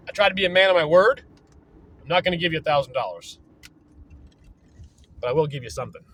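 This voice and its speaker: A man's voice: fairly high pitch, a bit bright, slight background noise, poor audio. A man vlogging casually while driving, loose and profane, trailing off with fillers. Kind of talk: casual rambling vlog. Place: in a moving vehicle on an early morning drive.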